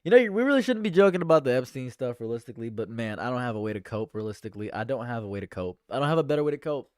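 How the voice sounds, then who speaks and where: A man chatting casually on a livestream, animated and laughing often, swinging between loud high bursts and low mutters. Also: very fast, no echo, studio quality. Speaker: livestream streamer.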